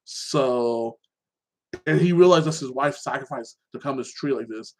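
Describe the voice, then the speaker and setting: Rambling excitable man chatting casually. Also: mid-range voice, unhurried, a little hiss or hum. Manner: rambling, keeps tagging "like that"; animated, excitable. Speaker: show host. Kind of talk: casual solo chat about TV shows and fights.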